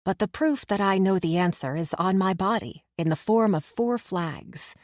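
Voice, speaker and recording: A woman narrating a first-person fantasy audiobook in a measured, expressive way. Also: mid-range voice, dry recording, studio quality.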